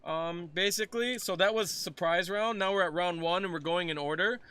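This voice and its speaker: A man's voice: sits high, fairly quick, a crowd in the background. A man acting as game master, explaining the rules in a loose, rambling way with lots of fillers. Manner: rambling, relaxed, many fillers. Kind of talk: casual tabletop game narration.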